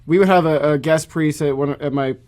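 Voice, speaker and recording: Laid back church musician guy chatting, um's and like's, voice a touch high. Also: a little fast, a little mellow. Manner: easygoing, with fillers. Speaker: Catholic church musician on a podcast. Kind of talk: casual podcast chat.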